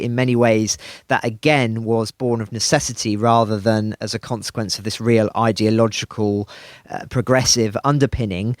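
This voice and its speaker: A man giving analytical commentary on a podcast, speaking in a measured way and stressing key words as he builds an argument. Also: on the low side, dry recording, studio quality.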